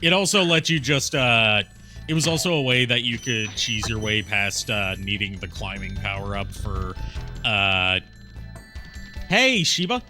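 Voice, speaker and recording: Chatty male streamer host, bright forceful tone, faint music underneath. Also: on the low side, animated, a little slow. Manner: chatty, rambling, laughs often. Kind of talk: casual chat while streaming a game.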